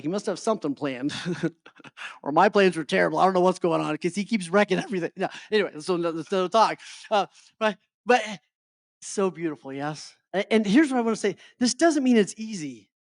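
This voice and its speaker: A man's voice: sits high, animated, moderate pace, pauses often, no room sound, clean studio sound. A middle-aged man giving a motivational talk to a live audience as a life coach. He keeps checking in with his listeners and often stumbles over and repeats his words.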